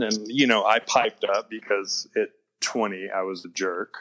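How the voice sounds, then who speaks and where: A man's voice: fairly low pitch, flat delivery, normal speed, fairly bright tone, low-quality recording. A younger man, a filmmaker guest, talking casually in a rambling way, full of "you know". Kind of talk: casual interview chat.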